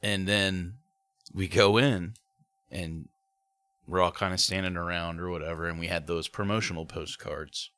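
Man in his 30s, very deep voice, animated storyteller, dry close sound. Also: normal speed, dry recording. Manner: animated storyteller, acts out quotes in high voices. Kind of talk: casual storytelling chat.

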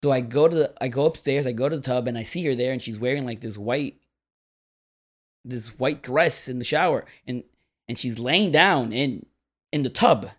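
A man telling a long, rambling story to friends on a podcast, animated and laughing as he goes. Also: medium pitch, moderate pace. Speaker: podcast co-host. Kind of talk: casual storytelling among friends.

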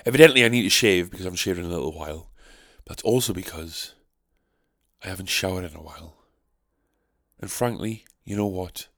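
A man's voice: low-pitched, brisk, creaky, a bit bright, no room sound, clean studio sound. A young man from North East England, hosting a casual solo podcast, rambling and sarcastic, swearing freely. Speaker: podcast host.

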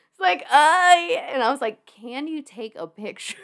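A woman's voice: fairly high pitch, normal speed. A young woman guesting on a podcast, telling a story in a casual way. Her voice moves up and down a lot, and she laughs and fills in with "like" often. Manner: animated, laughing, lots of fillers.

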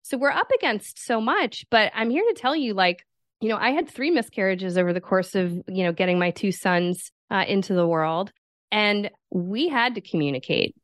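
A woman's voice: mid-range voice, lively intonation, normal speed, no room sound, clean studio sound. A woman author being interviewed on a podcast, speaking in an informed, assertive way with some casual swearing. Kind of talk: conversational interview.

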